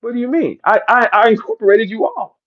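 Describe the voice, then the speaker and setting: A man's voice: sits high, animated, a little fast, dull audio. A man from St. Louis with a St. Louis accent, boasting and trash-talking in a brash, repetitive live-stream rant. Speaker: battle rapper hosting a live audio room.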